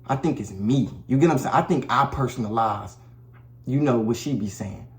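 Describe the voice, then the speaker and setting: A man's voice: medium pitch, normal speed, echoey room. A man giving blunt, preachy relationship advice to the camera in a casual monologue, talking in slang and often repeating himself. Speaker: vlogger. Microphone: camera mic.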